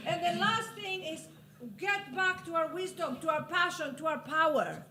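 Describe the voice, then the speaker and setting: A woman's voice: extremely high pitch, animated, moderate pace, heavy background noise. A middle-aged woman from Greece giving an impassioned motivational talk on a panel, exhorting the audience and sometimes laughing at her own lines. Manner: passionate, preachy, laughing asides. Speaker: panelist and author.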